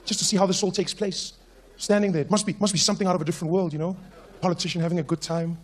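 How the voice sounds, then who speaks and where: A young man with a South African accent doing stand-up comedy on stage, animated and slipping into mock-pompous voices. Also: high-pitched, racing, background noise. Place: comedy stage before a live audience.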